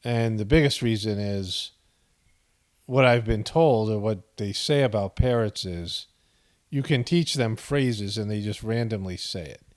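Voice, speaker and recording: A man's voice: on the low side, measured pace. Rambling, chuckling male commentary host. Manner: rambling, chuckling, many fillers. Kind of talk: casual video commentary.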